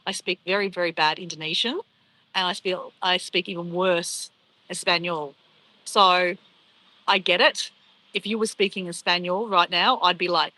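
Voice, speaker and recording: A woman's voice: on the low side, fairly even intonation, moderate pace, pushed and bright, low-quality recording. Chatty woman live-streaming. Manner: chatty, rambling, laughs often, reads out viewer comments. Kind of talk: casual live stream chat.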